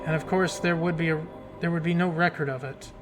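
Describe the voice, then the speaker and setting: A man's voice: on the high side, steady tone, fairly quick, close to an everyday voice. A man reading game dialogue aloud as a fussy, guarded older woman librarian who calls people dearie. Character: prim, jumpy older woman librarian hiding secrets. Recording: game music playing behind.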